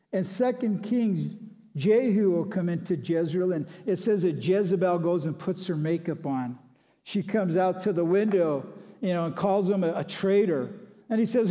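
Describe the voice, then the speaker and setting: A man's voice: high voice, mellow. A pastor preaching a conversational Bible sermon in a folksy, storytelling way, acting out voices as he goes. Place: church sanctuary. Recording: long hall reverb.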